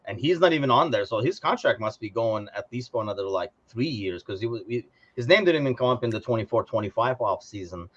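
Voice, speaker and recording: A man co-hosting a podcast, chatting casually about football in a rambling, animated way and laughing often. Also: mid-range voice, quick pace, hardly any pauses, highs cut off. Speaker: podcast co-host.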